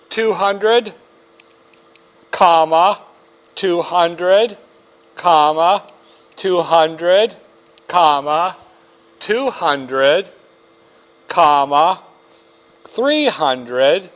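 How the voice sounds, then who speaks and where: Male finance instructor, high voice, slow deliberate delivery, wry jokes, patient step-by-step teaching. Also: animated, fairly bright tone. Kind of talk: classroom lecture.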